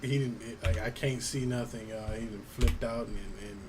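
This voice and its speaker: A man's voice: medium pitch, steady tone, moderate pace. A man co-hosting a casual, profane podcast from his home, dry and laid-back in his slangy replies, sharing one microphone with his co-host. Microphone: one microphone shared by two. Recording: noisy home mic.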